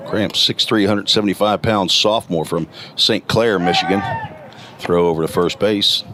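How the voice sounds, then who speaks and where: A man with a gravelly morning voice calling college baseball play-by-play, reading stats in a steady, detailed way. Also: sits low, normal speed, noisy background. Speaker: play-by-play announcer. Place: outdoor college ballpark.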